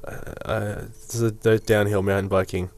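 A man's voice: fairly low pitch, level tone, normal speed, a little mellow, dry recording. A man co-hosting a podcast in casual chat, easygoing and hesitant with fillers, recorded close and dry. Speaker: podcast co-host.

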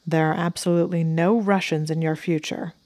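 A woman voicing a smug but devoted young male wizard, speaking his lines dryly and earnestly in her own low voice. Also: fairly even intonation, fairly quick, darkish tone, no echo, close to an everyday voice.

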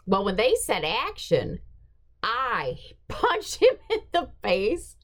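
A middle-aged woman hosting a podcast, telling a story in a casual, animated way and acting out what people said. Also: fairly high pitch, slow pace. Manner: animated, acts out quoted dialogue. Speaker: podcast host.

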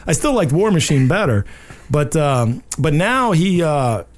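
A man's voice: on the high side, big pitch swings, measured pace. A man co-hosting a podcast, telling a loose story in casual chat with plenty of fillers and restarts. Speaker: podcast co-host.

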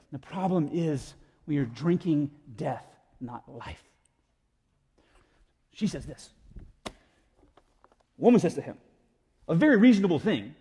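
A man preaching a sermon in an animated, conversational way, slipping into voices for the people in his stories. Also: high voice, moderate pace, husky. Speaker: pastor. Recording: echoey hall with long reverb.

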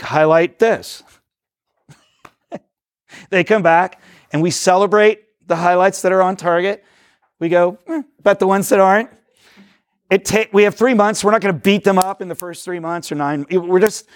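High-voiced energetic man teaching a workshop. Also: dry recording, studio quality. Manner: energetic, rambling, self-correcting, acts out dialogue. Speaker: discipleship workshop speaker. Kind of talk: teaching talk to a live audience.

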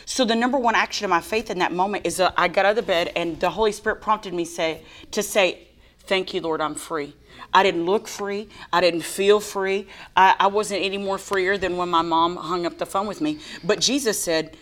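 A woman co-hosting a faith talk show, telling a personal testimony in an animated, dramatic way and acting out her own whiny crying voice. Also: mid-range voice, fairly quick, hardly any pauses. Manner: dramatic storyteller who mimics a whiny crying voice. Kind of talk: animated testimony with playful banter.

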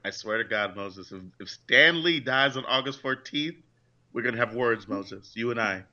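A man's voice: medium pitch, normal speed, pushed and bright. A man co-hosting a podcast in casual chat, wisecracking and laughing a lot. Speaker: podcast co-host. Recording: slightly dull lo-fi sound.

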